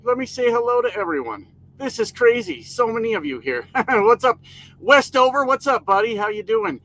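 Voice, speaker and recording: Bright high-voiced man chatting on a stream. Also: sing-song, moderate pace, low-quality recording. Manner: laid-back, joking, greets viewers by name. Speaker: trucker live streamer. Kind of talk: casual live stream chat reading comments. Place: inside a parked truck cab.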